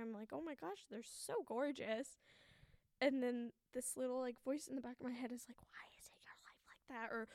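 A woman's voice: on the high side, clean tone, no room sound. A woman in her early twenties hosting a podcast alone, talking candidly in a shaky, anxious voice, swearing often and laughing at herself. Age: 20s. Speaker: podcast host. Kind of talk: candid solo podcast monologue.

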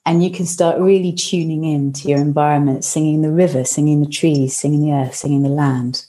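A woman, a vocal improvisation teacher, talking reflectively and playfully as a podcast guest, sitting on a creaky chair. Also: low-pitched, fairly quick. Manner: expressive, playful, acts out quoted inner voices.

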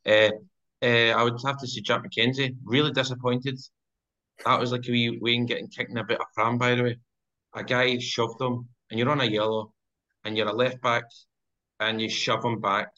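Bright-voiced animated Scottish man, lo-fi. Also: medium pitch, normal speed. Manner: animated storyteller, acts out scenes. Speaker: podcast guest. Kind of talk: casual football chat. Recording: dull lo-fi sound.

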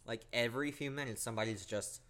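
A young man with a medium-pitched voice talks at a quick pace while hosting a podcast. He casually shares a spooky story of his own, swearing a lot as he animatedly retells it.

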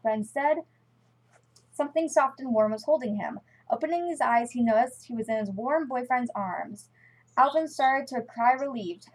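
Woman, casual fanfic read-aloud, slightly high voice, stumbles and self-corrects, computer mic. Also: slightly rough, poor audio. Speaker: fan-fiction reader.

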